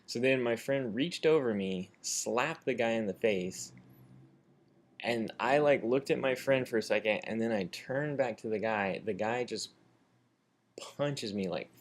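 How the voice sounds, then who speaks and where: A man's voice: mid-range voice, unhurried. A young American man filming himself, telling a story in a loose, rambling way full of fillers and acted-out quotes. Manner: rambling, animated retelling with many fillers. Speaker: vlogger. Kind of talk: casual storytelling. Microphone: camera mic, self-filmed.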